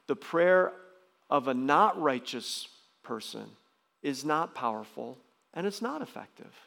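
A man preaching a sermon as pastor, emphatic, often jumping into loud, high bursts. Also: big pitch swings, unhurried, vocal fry. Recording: long reverb of a large hall.

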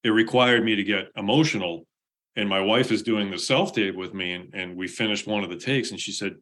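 Man, guest actor, lower voice with a forceful edge, earnest storyteller. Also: brisk. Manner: earnest, frequent restarts, laughs often; reflective storytelling. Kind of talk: casual conversational interview.

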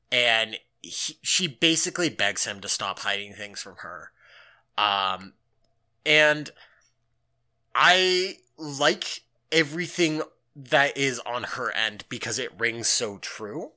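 Bright-voiced man recapping casually. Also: medium pitch. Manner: animated, filler-heavy, acts out quotes. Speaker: podcast co-host.

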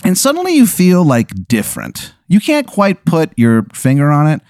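A man hosting a podcast, spinning an improvised comic story in a loose, animated way, full of "like" and swearing. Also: fairly high pitch, moderate pace, dry recording, studio quality. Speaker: podcast host.

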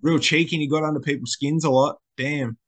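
A young man chatting casually, his voice sitting a touch higher than most men's. He rambles through his stories with slang and plenty of restarts. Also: steady tone, a little fast. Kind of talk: casual chat.

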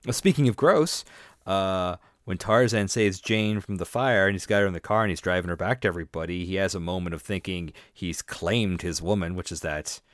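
A man's voice: low voice, steady tone, fairly quick, hardly any pauses, fairly bright tone, no room sound, clean studio sound. A man co-hosting a casual book podcast, giving wry comments and mock-quoting characters. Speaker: podcast co-host.

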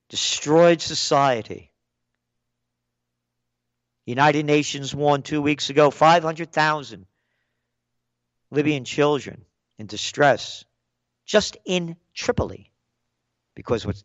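A man's voice: on the high side, no room sound. An older man giving an angry, sarcastic political rant as a commentator, punchy and blunt, in a dull, dry recording.

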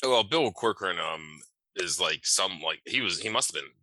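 Deep-voiced, rambling man. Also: expressive, normal speed, bright, forceful tone, no room sound, rough recording. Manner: rambling, filler-heavy, swears casually. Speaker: podcast co-host. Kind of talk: casual chat.

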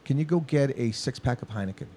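Male guest from LA, mid-range voice, animated and profane anecdote teller. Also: mid-range voice, quick pace. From Los Angeles, US. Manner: profane, animated, acts out quotes. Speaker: guest musician. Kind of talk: casual storytelling.

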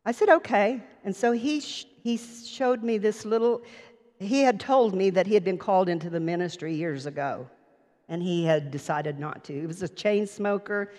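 A woman's voice: mid-range voice, dark tone. A woman preacher telling a personal story in an earnest sermon, recorded in a church sanctuary. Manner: personal anecdote, earnest, slow. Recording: long reverb of a church hall.

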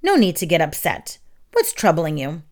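A woman voicing a very old elder witch who speaks gently but firmly. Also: medium pitch, expressive, normal speed, close to an everyday voice. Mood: soothing.

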